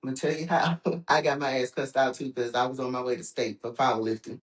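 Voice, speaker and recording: A woman from Texas, a podcast guest, telling stories in a casual chat with frequent laughs and quoted voices. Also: fast. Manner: animated, laughs often, acts out quotes in a high voice. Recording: roomy echoing room.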